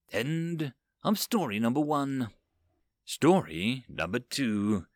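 Expressive male story narrator. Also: mid-range voice, takes it slowly, no room sound, clean studio sound. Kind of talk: audiobook narration of sci-fi short stories.

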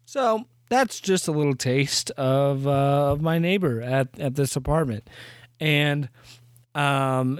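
A man's voice: medium pitch, takes it slowly, smooth, no echo. A young man hosting his own podcast, telling a story in a rambling casual way, often restarting sentences, with dry sarcasm. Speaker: podcast host.

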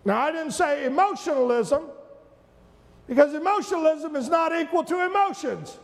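An older man preaching a sermon, rising to shouted peaks and dropping into playful asides. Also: very high-pitched, moderate pace, gravelly, in a large hall. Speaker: pastor. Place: church sanctuary.

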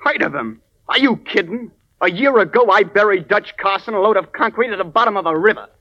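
A man's voice: sits high, animated, fairly quick, sharp tone. A brash, cocky gangster henchman. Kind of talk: 1940s radio acting. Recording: dull lo-fi old radio recording.

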